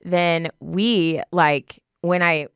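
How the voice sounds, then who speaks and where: Young woman podcast host, animated storyteller, smooth clear voice, dry studio sound. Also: extremely slow, no room sound. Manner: animated, jumps high when acting out her own quotes. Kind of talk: casual chat.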